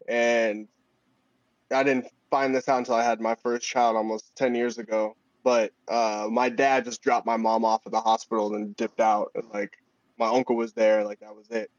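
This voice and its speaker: Casting: mid-pitched man, reflective and frank, muffled dry mic. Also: dry recording. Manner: candid, reflective. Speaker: podcast guest. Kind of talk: casual conversation. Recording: dull, dry lo-fi sound.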